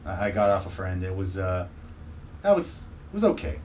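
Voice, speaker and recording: A young man chatting as a guest in a casual interview, telling stories in an animated, laughing way. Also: sits low, normal speed, slight background noise. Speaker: podcaster guest.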